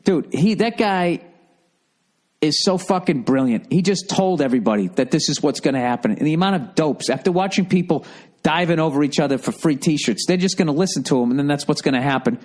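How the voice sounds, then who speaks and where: A man's voice: fairly high pitch, animated, a little fast. Profane ranting middle-aged man. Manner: profane, sarcastic, mocks people in put-on voices. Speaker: comedian podcast host. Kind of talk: rambling comedic rant.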